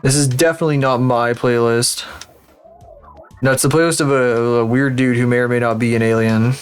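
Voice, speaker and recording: A male streamer talks loosely and profanely as he works, in a voice of middling pitch. He rambles and jokes at his own expense. Faint music plays underneath. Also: fairly even intonation, fairly quick, clear, resonant tone. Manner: rambling, profane, self-mocking. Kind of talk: casual live-stream chat while working.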